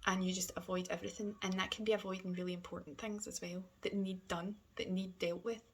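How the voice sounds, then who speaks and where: A woman talking candidly in a personal vlog, hesitant and halting, often sinking to a soft near-whisper. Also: on the low side, level tone, breathy edge. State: emotional. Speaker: vlogger.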